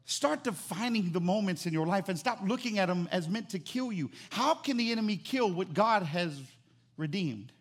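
A man preaching a sermon as pastor, animated and emphatic, repeating phrases for emphasis. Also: high-pitched, moderate pace.

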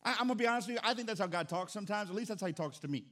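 A middle-aged man preaching a sermon as pastor, with dynamic delivery that swings from quiet to loud. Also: high-pitched, animated, very fast.

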